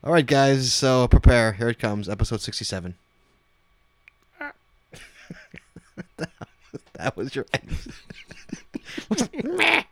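A man's voice: mid-range voice, slow, pauses often, no echo. A man co-hosting a podcast, playful and rambling, laughing often. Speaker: podcast co-host. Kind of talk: casual chat.

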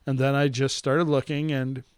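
A man co-hosting a casual chat, joking around and slowly spelling out codes. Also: medium pitch, little pitch movement, smooth, no room sound. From Chicago area. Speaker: podcast co-host.

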